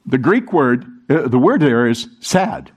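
A man preaching a sermon to a congregation, animated, talking with the room and acting out the quoted voices. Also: medium pitch, unhurried, husky. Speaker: pastor.

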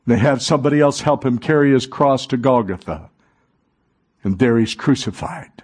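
A man preaching a sermon in a dramatic way, moving from hushed passages to rising fervor. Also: mid-range voice, moderate pace.

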